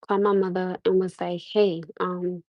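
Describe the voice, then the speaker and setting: A woman's voice: lowish voice, normal speed, no echo, dull audio. A young woman from Norwalk with a New York-tinged accent, chatting casually on a livestream and asking her viewers again and again what they think. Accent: New York-tinged American. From Norwalk, USA. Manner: animated, repeats questions to the audience, restarts often. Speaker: livestream host.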